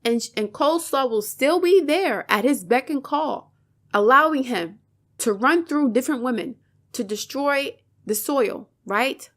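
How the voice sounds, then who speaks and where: A woman with a fairly high voice delivers fervent commentary straight to her viewers. She lectures with heavy emphasis, stacks up rhetorical questions and drops curse words along the way. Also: animated, measured pace, a bit bright. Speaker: channel host, commentator. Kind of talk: impassioned commentary monologue.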